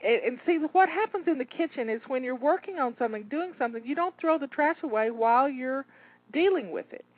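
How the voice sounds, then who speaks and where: A woman's voice: sits high, expressive, a little fast. A woman, cheering listeners through a timed cleaning session, a little out of breath. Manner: upbeat, encouraging, talks listener through tasks. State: slightly out of breath. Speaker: home organizing coach. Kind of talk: live timed cleaning coaching. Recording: tinny phone-like line, dry.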